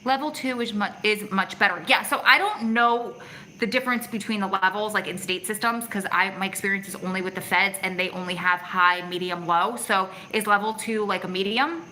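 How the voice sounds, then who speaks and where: A middle-aged woman talks casually into her phone on a livestream, her voice bright and clear at a middle pitch. She reads viewers' comments aloud and answers them in a chatty way. A faint hum of the outdoor city evening sits behind her. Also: steady tone, a little fast, rough recording. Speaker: vlog host reading live chat.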